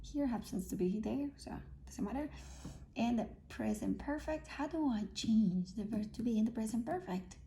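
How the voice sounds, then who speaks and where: A woman's voice: a little high, lively intonation, normal speed, warm tone, slight background noise. A woman teaching English grammar, explaining patiently, repeating key points and checking in with her students. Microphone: self-filmed camera.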